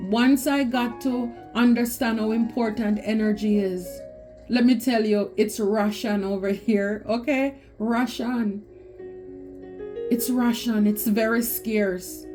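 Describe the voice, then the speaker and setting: A woman's voice: fairly high pitch, darkish tone. A woman giving a spiritual tarot reading, talking emphatically and repeating phrases for stress. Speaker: tarot reader.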